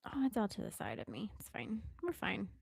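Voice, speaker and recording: A woman's voice: medium pitch, huge pitch swings, brisk, vocal fry, darkish tone, breathy edge, no room sound, studio quality. A young woman with a Southern American accent chatting casually on a live stream, giggly and chatty, often dropping into whispered asides. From Southern United States.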